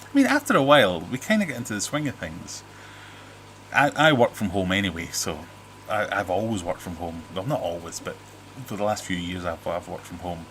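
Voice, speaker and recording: A man's voice: deep voice, expressive, fairly quick, fairly bright tone, slight background noise. A middle-aged British man hosting a casual livestream, reading viewer comments aloud and rambling with jokes and restarts. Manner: rambling, jokey, self-interrupting. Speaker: livestream host. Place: home fish room.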